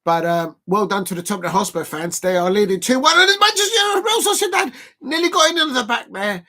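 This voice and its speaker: Male watch-along host, bright and forward, chatty, erupts into shouts on big plays. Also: very high-pitched, quick pace. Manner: chatty and excitable, breaks into shouting at big moments; exercising between remarks, counting out reps. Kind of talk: casual live football watch-along commentary.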